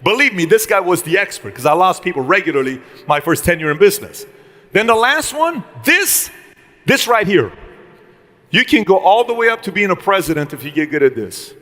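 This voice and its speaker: A man's voice: high-pitched, big pitch swings, fairly quick, a bit bright. A man giving an emphatic motivational business talk to a live audience, asking the room questions and acting out conversations. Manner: emphatic, asks the room questions, acts out dialogues. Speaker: business speaker.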